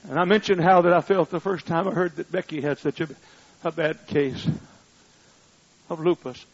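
An older man preaching a sermon, swinging between loud shouted appeals and quiet storytelling. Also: a little high, moderate pace, husky. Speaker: pastor. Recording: muffled, lo-fi.

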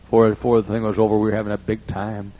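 A man's voice: on the low side, completely flat delivery, very fast. An older man preaching a folksy storytelling sermon. He acts out the dialogue in raised voices. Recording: muffled lo-fi recording.

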